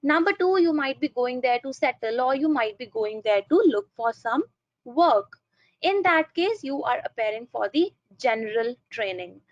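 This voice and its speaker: Young Indian woman trainer, fairly high voice, explanatory and repetitive, on a dull, dry video-call mic. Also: lively intonation, moderate pace, no room sound. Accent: Indian English. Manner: explanatory, repeats phrases while thinking. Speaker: English trainer. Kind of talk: online seminar presentation. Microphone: computer mic on a video call.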